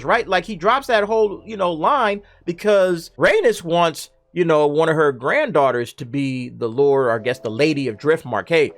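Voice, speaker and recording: A man giving a casual, animated spoken review of a TV episode, now and then acting out the characters' lines. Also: sits high, moderate pace, few pauses.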